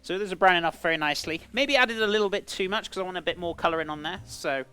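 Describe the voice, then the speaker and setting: A man's voice: high-pitched, quick pace, pushed and bright, clean tone, faint music behind. A British man chatting casually on a cooking live stream, rambling between cooking tips and greeting viewers as "buddy". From Britain.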